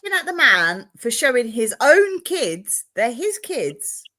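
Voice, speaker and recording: Woman host, slow unhurried delivery with a lively swinging pitch, gossipy and sweary. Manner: gossipy storytelling, swears freely. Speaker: podcast host. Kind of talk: casual chat.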